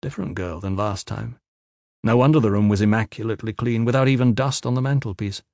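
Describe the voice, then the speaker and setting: A man reading a fantasy novel aloud in measured, even scripted narration. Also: fairly low pitch, dry recording, clean studio sound. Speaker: audiobook narrator.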